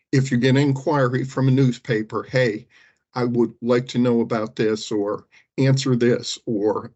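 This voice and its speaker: A man gives legal counsel to a public board, emphatic and cautionary, with touches of dry self-deprecating humor. His pitch is middling for a man. The audio is somewhat muffled and lo-fi, like a meeting-room recording. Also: darkish tone. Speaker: general counsel advising board members.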